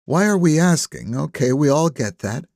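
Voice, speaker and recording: A man voicing a blunt middle-aged woman police chief with a slight Midwestern accent, brisk and needling. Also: a little high, lively intonation, gravelly, a little mellow, no room sound, clean studio sound, voice pushed up.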